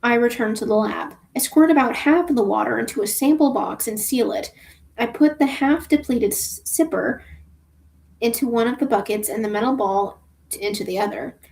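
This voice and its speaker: A woman's voice: fairly high pitch, moderate pace, creaky, a little mellow. A woman reading a novel aloud for a book club, casual, with offhand asides about her own reading.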